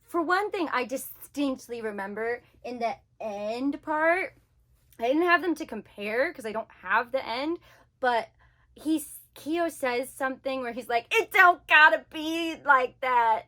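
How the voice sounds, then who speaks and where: A woman talks to her camera in a casual vlog, her voice sitting a little higher than most. She rants animatedly and fills her sentences with "like". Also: unhurried. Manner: animated ranting, heavy use of "like". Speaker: book vlogger.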